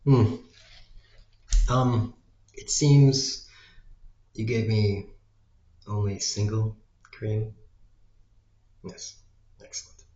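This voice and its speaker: A man's voice: on the low side, very slow, pauses often, dark tone. A man putting on a fussy, snobbish café customer who orders with prim over-formality. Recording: dull lo-fi sound in an echoey room.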